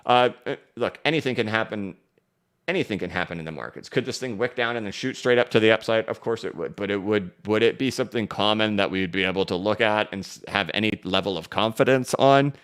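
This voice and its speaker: A man hosting a live-stream crypto market show, talking emphatically while he goes through charts and reads viewer questions. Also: lowish voice. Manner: energetic, emphatic, talks fast. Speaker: crypto market analyst host.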